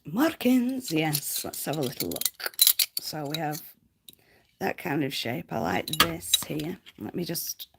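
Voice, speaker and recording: Woman streamer, low and unhurried, giggles and whispers into a close mic. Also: expressive, creaky, very noisy. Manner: chatty, giggly, often whispering. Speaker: livestreamer. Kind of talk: casual livestream chat.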